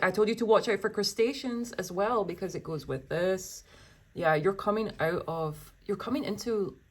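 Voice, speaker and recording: A woman with a somewhat low voice gives a tarot reading. She reads card meanings aloud and then chats to her viewers, full of exclamations and delighted asides. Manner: gushing and exclamatory, full of wows and oh my goshes.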